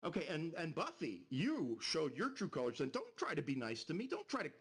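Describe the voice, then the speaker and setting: A man's voice: fairly high pitch, huge pitch swings, brisk, husky. A man ranting on a live stream, angry and profane, repeating himself. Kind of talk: heated live-stream rant.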